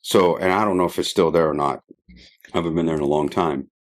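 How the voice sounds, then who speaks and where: A middle-aged man from the Middle East tells a long anecdote on a podcast in a very low, deep voice. He is chatty and loose, laughing often between lines and wandering through fillers as he goes. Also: fairly quick. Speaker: podcast guest. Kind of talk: casual storytelling.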